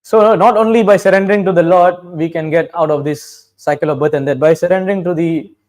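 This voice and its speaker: Guy giving a sermon, slightly high voice, casual storytelling, chants some verses. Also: brisk, darkish tone. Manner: storytelling with quoted dialogue and Sanskrit verses; conversational, frequent "you know". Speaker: preacher.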